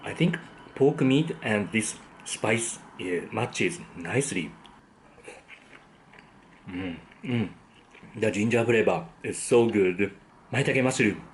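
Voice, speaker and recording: Man, food vlog host, casual tasting talk, appreciative hums, lively intonation. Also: on the low side, slow, long pauses, slight background noise. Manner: savoring, frequent appreciative hums. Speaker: food vlogger.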